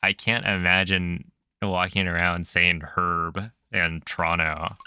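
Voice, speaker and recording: A man's voice: deep voice, level tone, slow, bright, forceful tone, clear, resonant tone, no room sound. A man streaming a video game, chatting casually and joking back and forth with his chat at a desk mic. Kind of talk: casual chat while gaming.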